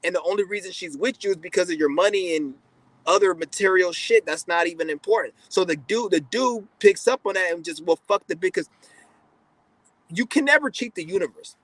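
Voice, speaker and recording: A man's voice: sits high, brisk, a bit bright, no room sound, poor audio. A man giving a blunt, profane, rambling casual monologue as a podcast host.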